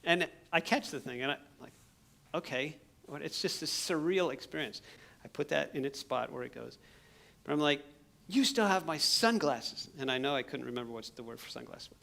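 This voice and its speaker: Gravelly man telling a story from the pulpit. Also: medium pitch, brisk. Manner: animated storyteller, acts out his own shouting. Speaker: missionary speaker. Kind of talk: sermon storytelling. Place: church sanctuary.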